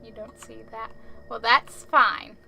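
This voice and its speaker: Bright-voiced woman streamer, chatty and jokey. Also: a little high, fairly even intonation, takes it slowly, creaky, a little hiss or hum. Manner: chatty, jokey, swears freely, laughs often. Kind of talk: casual gameplay commentary.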